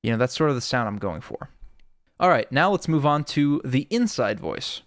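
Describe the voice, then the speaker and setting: Smooth-voiced man explaining audio tricks. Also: medium pitch, very animated, normal speed, dry recording, clean studio sound. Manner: laid-back explaining with frequent "sort of". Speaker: music producer explaining sound design. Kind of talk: casual audio tutorial. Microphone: close studio microphone.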